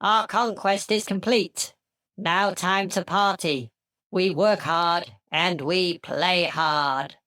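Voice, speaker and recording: A man's voice: sits high, steady tone, takes it slowly, bright, forceful tone, pitched above the performer's own voice, heavily acted. A man voicing a smug, gloating alien commander speaking over the radio. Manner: gloating, pompous.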